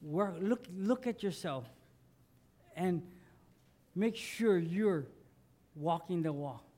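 A man's voice: high voice, darkish tone. A man preaching a sermon as pastor, conversational, asking his congregation questions and building to emphatic lines.

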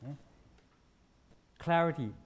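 A man giving an informal spiritual teaching, animated and self-deprecating, acting out everyday scenes in short, punchy phrases. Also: on the high side, measured pace.

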